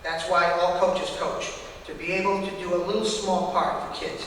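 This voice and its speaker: Older male ex-coach at a podium, high-pitched, emotional and heartfelt, heard from a distance with a long hall reverb. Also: flat delivery, moderate pace, fairly bright tone, a little hiss or hum. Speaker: retired baseball coach. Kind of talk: hall of fame acceptance speech. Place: large event hall. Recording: echoey hall from far off.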